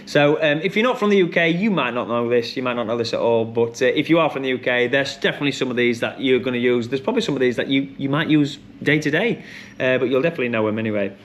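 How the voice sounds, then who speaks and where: A man hosting a pub quiz, chatty and rambling with many ums and restarts, who reads each question and then repeats it slowly. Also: mid-range voice, a little hiss or hum. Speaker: quiz host.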